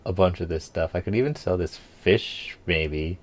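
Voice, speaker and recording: A man's voice: low voice, animated, moderate pace, few pauses. A young man from Canada giving casual let's-play commentary, thinking aloud and muttering half to himself as he plays. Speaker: gameplay streamer.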